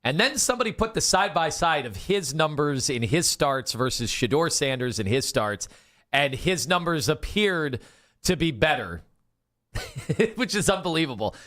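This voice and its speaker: A man co-hosting sports talk radio, laying out a point in a measured, conversational way. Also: on the high side, fairly bright tone.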